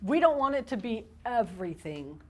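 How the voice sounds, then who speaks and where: A woman giving a live parenting workshop to an audience, talking in an energetic, animated way and laughing often. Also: fairly high pitch, moderate pace.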